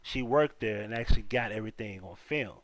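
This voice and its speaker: A man's voice: on the low side, brisk, no room sound. Dry-voiced man hosting a live stream. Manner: loose, repeats himself, talks to chat. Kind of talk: casual news commentary.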